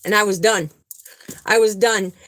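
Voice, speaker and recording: A spiritual vlogger with a mid-range, somewhat bright voice keeps a steady tone and a measured pace, though the recording is rough. Her casual talk is earnest and emphatic, built around a personal story, with frequent repetition for emphasis.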